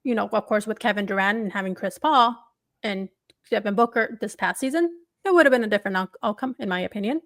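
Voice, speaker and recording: A woman's voice: mid-range voice, fast talker, fairly bright tone, dry recording, studio quality. A woman hosting a sports podcast who talks expressively and emphatically in loose fragments. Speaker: podcast host. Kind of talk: casual sports talk.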